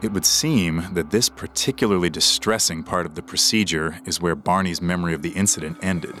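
A man narrating a scripted true story for a podcast in a measured, dramatic way. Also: sits low, a bit bright, faint music behind.

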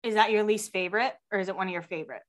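A woman's voice: medium pitch, rapid-fire. A woman co-hosting a podcast in casual chat, chatty, laughing easily and swearing freely. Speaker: podcast co-host.

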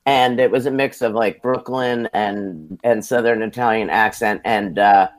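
An American man, a television producer, telling lively, self-deprecating stories from his career in a casual interview. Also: on the low side, measured pace. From United States.

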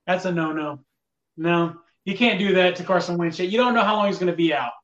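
A high-pitched man talks football in a loose, rambling way, sounding put out by fickle fans. He sits back from the mic, and the recording is dull and lo-fi. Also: brisk, a bit bright, distant mic. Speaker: podcast co-host. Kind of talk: casual sports talk.

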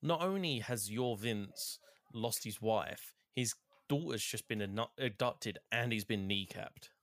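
A man's voice: lowish voice, expressive, a little slow, a bit bright. A man chatting casually about a video game, retelling scenes in a rambling way.

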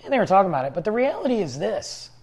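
A man's voice: high voice, very animated, very fast, darkish tone, slightly rough. A man hosting a podcast, rambling along in casual conversational storytelling. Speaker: podcast host. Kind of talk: casual solo talk.

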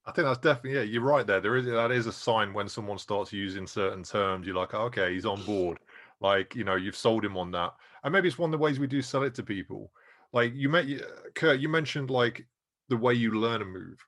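Guy with lowish voice asking the panel a question, dry sound. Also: brisk, fairly bright tone, no room sound. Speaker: martial arts show co-host. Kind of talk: casual panel discussion.

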